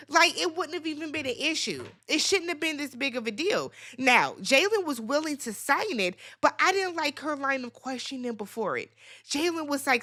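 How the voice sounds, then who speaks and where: Sassy lady recapping a reality show, high bright voice, talks like AAVE, lots of laughs and cussing. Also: normal speed. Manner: animated, sassy, laughing asides, swears freely. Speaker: recap host.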